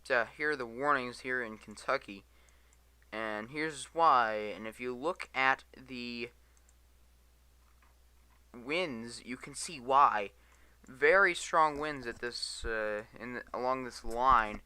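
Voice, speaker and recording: A man's voice: mid-range voice, slow pace, sharp tone, clear, resonant tone, no echo. A tired man giving live weather radar commentary, reading storm warnings aloud and stumbling over place names. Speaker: storm chaser livestreamer.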